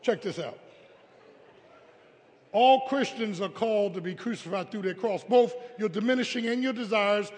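A man preaching a humorous, animated storytelling sermon at a live service, calling out to the congregation. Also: high-pitched, moderate pace, pauses often, big-room sound. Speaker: pastor. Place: church sanctuary, live service.

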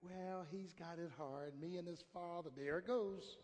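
A middle-aged pastor preaching a storytelling sermon with call-and-response. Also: male voice, sits high, measured pace, a little mellow. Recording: long hall reverb, faint room noise.

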